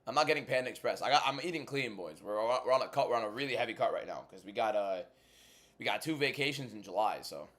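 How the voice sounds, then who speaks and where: A man hosting a casual fight watchalong livestream, blunt and bantering as he answers chat, moving between a subdued inside voice and loud hyped delivery. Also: mid-range voice, expressive, fast. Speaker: MMA content creator and livestream host.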